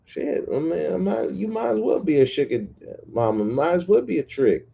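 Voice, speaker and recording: A man's voice: a little high, big pitch swings, normal speed, creaky, breathy edge, dull audio. Blunt, profane man ranting. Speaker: podcast host. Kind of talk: casual livestream rant.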